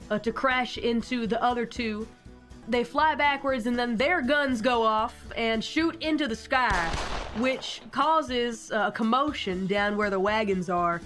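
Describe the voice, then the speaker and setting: A woman narrating a tabletop game as game master, in an animated way and often laughing. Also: fairly high pitch.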